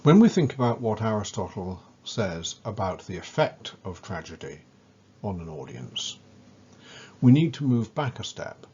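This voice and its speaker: A man with a very low, slightly husky voice delivers a careful lecture at an unhurried pace. He speaks with measured weight and stresses the important words. The recording sounds a little dull and lo-fi. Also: a little mellow. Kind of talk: scripted educational lecture.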